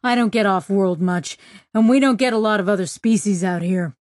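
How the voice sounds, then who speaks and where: Woman doing a booming, hearty frontier man. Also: a little fast, darkish tone, no echo, studio quality, lightly acted. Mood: embarrassed. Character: big friendly hairy frontier mechanic man.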